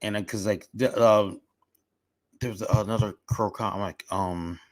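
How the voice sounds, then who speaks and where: A man's voice: lowish voice, steady tone, measured pace, no echo. A man chatting casually on a podcast, opinionated and restarting often, with a cough drop in his mouth. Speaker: podcast guest. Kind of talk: casual chat.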